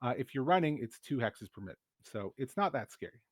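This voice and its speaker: A man running a tabletop game as game master, explaining rules and scenes in a relaxed way with hesitant fillers. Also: medium pitch, a little fast, no echo, studio quality.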